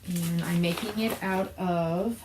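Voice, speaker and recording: A woman's voice: lowish voice, steady tone, slow pace, background noise. A woman co-hosting a knitting podcast in casual chat, chatty and trailing off mid-sentence. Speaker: podcast co-host. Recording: echoey room with faint ambience.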